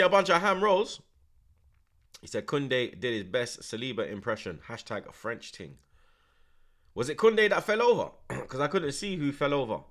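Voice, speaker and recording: A young man talking through a football watchalong in a relaxed, slangy way. He repeats each phrase and reads out viewers' comments between plays. His voice sits a little low. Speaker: streamer hosting a watchalong. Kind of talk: live watchalong commentary and chat reading.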